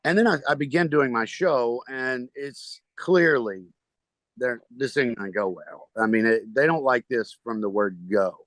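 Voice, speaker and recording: A man who is a stand-up comedian, telling a long story in a podcast interview, rambling and halting with restarts. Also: mid-range voice, fairly bright tone, dry recording.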